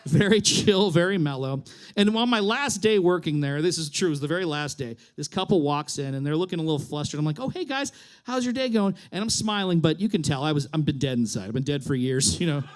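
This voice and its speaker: A man's voice: fairly high pitch, fast talker. A young man from Reno performing a stand-up set on a theater stage, sardonic and ranting, laughing often. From Reno, Nevada. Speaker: comedian. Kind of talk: stand-up comedy.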